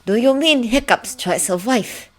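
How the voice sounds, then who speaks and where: A woman voicing a kindly old male librarian who questions gently and wryly. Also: a little high, animated, a little slow, pitched above the performer's own voice. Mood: polite.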